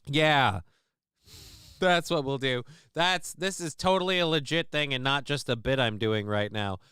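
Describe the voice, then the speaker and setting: A man's voice: medium pitch, a little slow, bright, forceful tone, clear, resonant tone, no room sound, clean studio sound. A man hosting a livestream, talking casually in a rambling, profane, self-mocking way. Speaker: livestream host.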